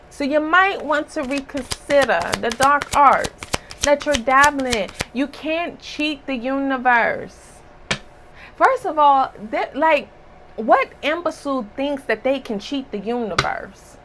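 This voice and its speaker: A woman's voice: high-pitched, takes it slowly, noisy background. A woman giving a casual spiritual reading, talking bluntly and emphatically with a scolding tone. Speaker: spiritual reader.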